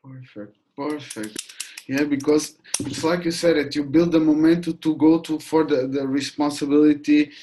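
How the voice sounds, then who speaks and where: A man interviewing a guest, asking halting questions and giving brief agreeing responses. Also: a little high, steady tone, mellow, a little hiss or hum, poor audio.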